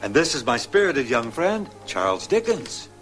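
A man's voice: medium pitch, sing-song, normal speed, fairly bright tone, soft background music. Wry, easygoing older man host. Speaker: show host. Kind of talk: scripted TV comedy sketch.

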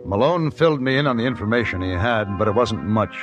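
A terse, steady Western manhunter, voiced by a man in an old radio play, narrating and trading dry lines. His voice is on the low side. It comes from a dull old recording with music clearly behind it. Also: fast talker, natural voice. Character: calm, tough Western manhunter who narrates. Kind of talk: 1950s radio drama narration and dialogue.

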